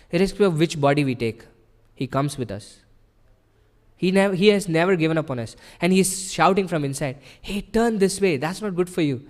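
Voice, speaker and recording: Man, temple sermon, fairly high voice, earnest and explanatory, long echoing hall. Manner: earnest, explanatory, with frequent rhetorical "right?". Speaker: temple speaker. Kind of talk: devotional sermon.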